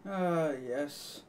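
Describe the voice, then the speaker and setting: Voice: mid-range voice, recorded from a distance, slight background noise. A live streamer chatting casually to viewers, rambling and joking, laughing at their own jokes.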